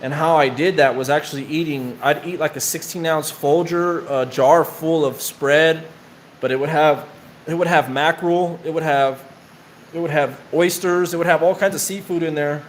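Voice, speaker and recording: A man's voice: a little high, steady tone, normal speed, a little hiss or hum. A man casually telling rambling, profane prison stories in slang while his friend draws on him. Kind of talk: casual storytelling while getting tattooed.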